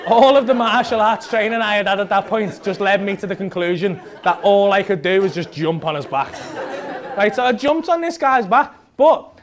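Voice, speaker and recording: A man's voice: high voice, normal speed, some chatter behind. A man doing stand-up, retelling a night out in a rambling, sweary style and ending lines with "right?". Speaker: stand-up comedian. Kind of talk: stand-up storytelling. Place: comedy club stage. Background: audience laughter.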